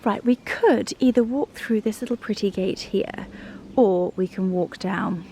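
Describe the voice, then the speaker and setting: A British woman giving a casual garden tour as a vlogger, gushing and often dropping to a soft whisper, outdoors. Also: mid-range voice, a little slow, slight background noise. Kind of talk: casual vlog narration.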